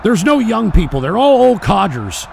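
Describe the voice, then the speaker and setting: A middle-aged man hosts a live political stream from a home studio mic, swearing freely and snapping back at his chat. His voice sits high and gravelly, and his pitch swings wildly from line to line. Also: big pitch swings, moderate pace, darkish tone, a little hiss or hum. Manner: profane, combative, ranting at chat commenters. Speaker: talk show host.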